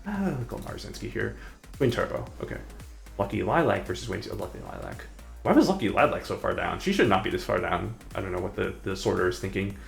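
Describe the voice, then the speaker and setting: A man talks through a live stream in a loose, meandering way, stopping and restarting his thoughts. His voice sits low with a gravelly edge, and soft music plays faintly underneath. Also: lively intonation, fast talker. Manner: rambling, hesitant, self-correcting. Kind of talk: casual live-stream commentary.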